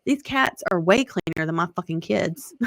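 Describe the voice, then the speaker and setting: A woman's voice: on the low side, animated, a little slow, fairly bright tone, no room sound. A woman in her thirties chatting casually, talkative, laughing often and swearing freely. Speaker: podcast co-host. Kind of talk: casual chat.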